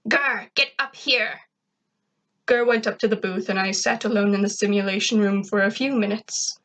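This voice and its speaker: A woman reading fan fiction aloud in plain, even first-person narration. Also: medium pitch, a little fast. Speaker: reader.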